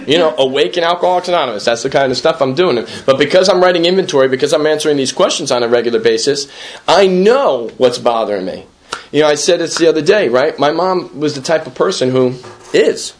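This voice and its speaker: A man's voice: on the high side, lively intonation, fast. A man speaking at a recovery meeting, earnest and self-deprecating, repeating himself and often asking for agreement. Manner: repetitive, conversational, keeps asking "right?". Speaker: recovering alcoholic sharing at a meeting. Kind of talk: personal recovery talk.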